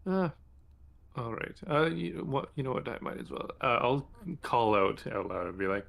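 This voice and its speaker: A man with a gravelly, fry-tinged voice chats casually as a tabletop player. He is easygoing and a little hesitant, hedging his points. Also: mid-range voice, big pitch swings, moderate pace, fairly bright tone.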